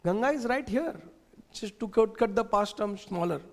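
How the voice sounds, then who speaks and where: A man's voice: high voice, expressive, normal speed, creaky. A man voicing the boy Krishna in a storytelling class, eager and pleading as he repeats his words. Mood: insistent. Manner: urgent, pleading, breathless repetition. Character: playful young boy Krishna, eager and excited. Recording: long hall reverb.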